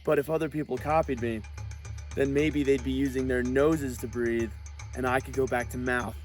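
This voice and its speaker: Contestant, male, mid voice, measured explanation, soft music behind. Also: medium pitch, fairly even intonation. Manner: measured, reasoning step by step. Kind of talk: confessional interview.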